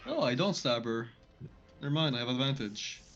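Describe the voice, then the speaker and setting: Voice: medium pitch, expressive, normal speed, muffled recording, music in the background. A person playing a tabletop game, giggly and self-mocking. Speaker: player. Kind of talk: casual tabletop game chat.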